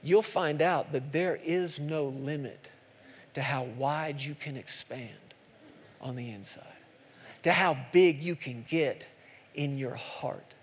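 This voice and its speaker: Male pastor, sermon delivery, high-pitched, punchy repeated calls, reverberant church room. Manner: preaching with rising intensity and repeated calls.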